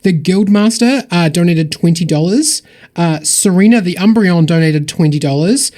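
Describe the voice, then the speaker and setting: A man hosting a charity tabletop stream, reading out donor shout-outs in an upbeat, rambling, thankful way. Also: high voice, moderate pace. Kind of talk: casual livestream donation shout-outs.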